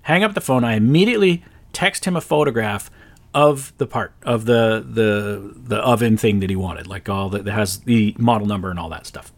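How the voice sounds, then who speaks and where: A man hosting a podcast, telling a personal story in a casual monologue, exasperated and animated, his voice jumping up sharply whenever he quotes his own outbursts. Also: on the low side, normal speed. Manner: exasperated, animated retelling with sharp jumps up when quoting himself. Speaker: podcast host.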